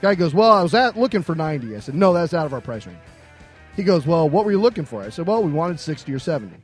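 A man's voice: on the high side, big pitch swings, fast talker, breathy edge, soft background music. A middle-aged man co-hosting a podcast, telling a long anecdote in a casual way, acting out the other people's lines and laughing often. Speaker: podcast co-host. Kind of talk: casual storytelling.

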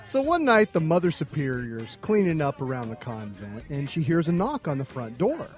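A man co-hosting a casual comedy podcast, telling jokes and reading out show plugs, swinging from loud to low. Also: big pitch swings, moderate pace, soft background music. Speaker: podcast co-host.

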